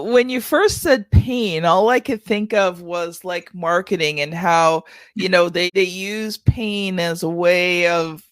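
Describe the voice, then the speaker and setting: An older woman hosting a podcast, telling stories in a chatty, animated way. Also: medium pitch, no echo. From Canada. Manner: chatty storyteller, acts out children's voices. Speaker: podcast host. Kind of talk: casual chat.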